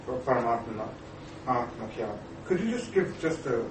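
A man's voice: mid-range voice, animated. Hesitant male student, heard from far off in an echoey room with noise behind. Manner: hesitant, halting request. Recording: distant roomy mic, noisy.

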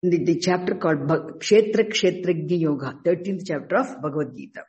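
High-voiced man teaching scripture, halting. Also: darkish tone, dull audio. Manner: halting, restarts words, slow emphatic stresses. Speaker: Vedanta teacher. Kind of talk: spoken scripture class.

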